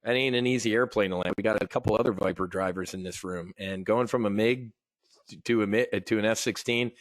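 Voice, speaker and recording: A middle-aged American man hosting a live options trading show, talking in a rambling, opinionated way with frequent restarts and throat clearing. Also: on the low side, a little fast, no echo, studio quality. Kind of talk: casual live market commentary.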